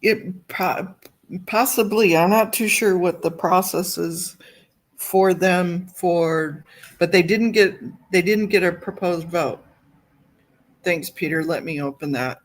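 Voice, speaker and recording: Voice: medium pitch, slow. A livestream host in casual chat, thinking aloud while fumbling with files on a computer.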